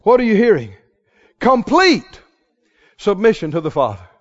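A man preaching a passionate sermon, pressing his listeners with rhetorical questions and swinging from hushed tones to loud ones. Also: high-pitched, huge pitch swings, normal speed. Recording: reverberant hall, muffled sound.

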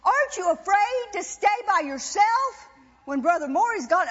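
A woman's voice: very high-pitched, very animated, normal speed, a bit bright. A woman preaching a sermon with impassioned, emphatic repetition. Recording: dull sound with long reverb in a hall.

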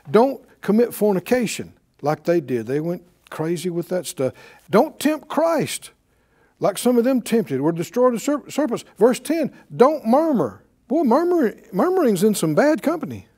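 A man's voice: high voice, sing-song, normal speed, few pauses, mellow. A man teaching a sermon in a conversational way, asking his listeners questions and chuckling often. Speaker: preacher.

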